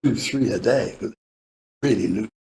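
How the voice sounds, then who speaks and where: A man's voice: on the low side, normal speed, gravelly, a little mellow, echoey room. A man in his eighties with a British accent, telling long rambling stories as a podcast guest, laughing often and swearing casually. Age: 80s. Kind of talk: rambling anecdotal storytelling.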